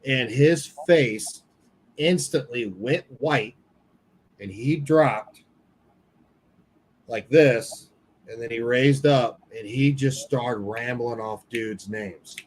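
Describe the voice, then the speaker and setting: A man's voice: mid-range voice, slow, pauses often, a little hiss or hum, low-quality recording. Male podcast co-host, mid-range voice, loose and candid storyteller. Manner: candid, swears casually, retells dialogue. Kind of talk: casual storytelling chat.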